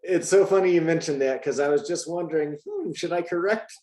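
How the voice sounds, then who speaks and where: A man's voice: a little high, a little fast, a little mellow, echoey room. A man tutoring Spanish in a casual lesson, talking it through with restarts and frequent "right?" checks. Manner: chatty, thinks aloud with restarts and frequent "right?".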